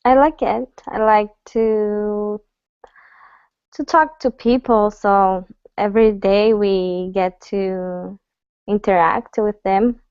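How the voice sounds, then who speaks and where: A woman speaking slowly and carefully, her voice smooth and clear but dry and close. The call audio sounds muffled and lo-fi. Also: mid-range voice, steady tone, a little mellow, no echo. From Brazil. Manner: measured, hesitant. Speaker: HR assistant, student. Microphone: video call.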